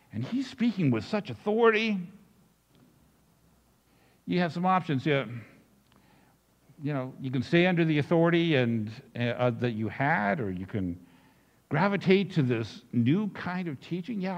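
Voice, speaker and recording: Male pastor, storytelling sermon delivery, pitch all over the place, slightly muffled recording. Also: in a large hall. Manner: storytelling, animated, with restarts.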